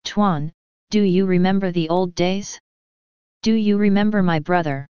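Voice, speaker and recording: A woman voicing a grieving Malay man who speaks low, calm and composed. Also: measured pace, clear, resonant tone, no echo, muffled recording. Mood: quiet mournful.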